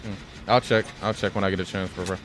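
A man's voice: deep voice, fairly even intonation, fast, over loud music. A man streaming a game, telling stories in a loose, profane way and calling everyone "bro". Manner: loose, profane storytelling, says "bro" a lot. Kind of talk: casual gaming commentary.

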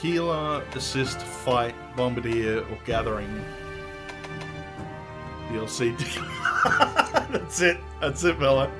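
A man's voice: medium pitch, takes it slowly, pauses often, loud music behind the voice. Crude, joking male game streamer. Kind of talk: casual gameplay commentary.

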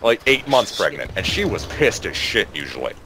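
Young man on voice chat, lively swinging pitch, faint hiss behind, storyteller. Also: moderate pace. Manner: animated, acts out quoted voices. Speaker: storyteller among gaming friends. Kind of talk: casual storytelling over voice chat.

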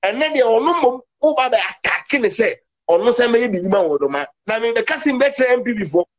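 Male commentator, high husky voice, emphatic and heated political talk. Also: animated, a little fast, lo-fi sound. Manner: emphatic, mixes English words into his talk.

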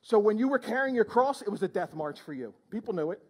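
High-voiced, exclamatory male preacher. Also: animated, quick pace. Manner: exclamatory, prods the congregation with questions. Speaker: pastor. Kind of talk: sermon. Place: church.

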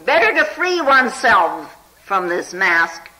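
Meditation teacher, bright sharp-edged voice, very lively pitch; conversational talk that keeps checking in with the listeners. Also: poor audio. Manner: often checks in with listeners with "hmm?" and "huh?"; unhurried and conversational, full of "you know". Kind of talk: spiritual talk telling a Zen story.

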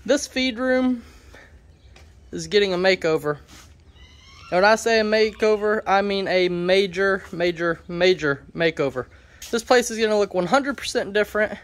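A man's voice: high voice, moderate pace, fairly bright tone. A man hosting a casual farm vlog, upbeat and joking, who repeats words for emphasis. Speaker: homestead vlogger.

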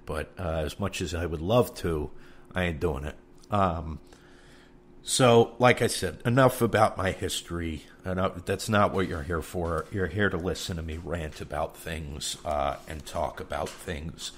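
A man's voice: low-pitched, unhurried. A man from New York with a New York accent, hosting a podcast in a candid, rambling monologue and cursing freely. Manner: frank and rambling, with frequent cursing. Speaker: podcast host.

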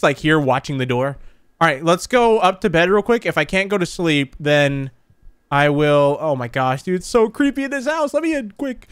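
A young man hosting a horror game let's play, excitable and chatty, talking to his viewers and saying dude a lot. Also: a little high, smooth, no echo. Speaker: gaming channel host.

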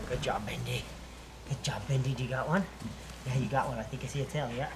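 A man's voice: medium pitch, vocal fry. A man hosting a video outdoors on a farm, casually directing people and praising his dogs in short, bossy bursts. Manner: bossy, gives quick directions. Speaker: host, pest control dog handler. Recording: outdoor noise behind the voice.

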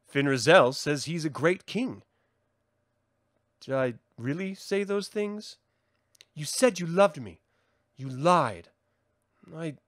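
A man's voice: on the high side, no echo, studio quality, pitched below the performer's own voice. A man doing a cool proud warrior princess.

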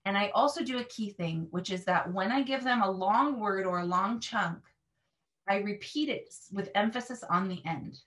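A woman's voice: mid-range voice, normal speed, a bit bright. A woman language teacher explaining her classroom method in an earnest, emphatic way. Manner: earnest, emphatic, models repeated words.

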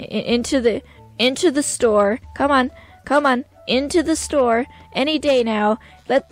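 A woman hosting a game video, talking through her gameplay in an excitable, jokey way with silly asides. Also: high voice. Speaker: gaming channel host. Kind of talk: playful gameplay commentary.

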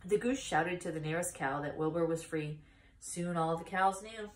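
A woman's voice: fairly low pitch, normal speed. Woman reading a children's story aloud. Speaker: story time reader. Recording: echoey room.

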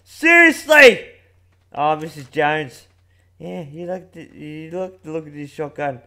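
A man playing a co-op game, excitable, swinging from muttering to yelling. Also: on the high side, unhurried. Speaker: gamer. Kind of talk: casual co-op gaming chat.

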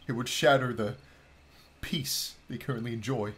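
A man reacting to an animation on his channel, excitable and gushing, with loud outbursts. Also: mid-range voice, measured pace, slight background noise. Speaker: video reactor.

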